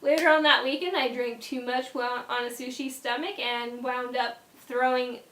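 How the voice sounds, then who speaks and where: A young woman vlogger telling a casual story in an animated way, often dropping into quiet asides. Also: high-pitched, normal speed, echoey room.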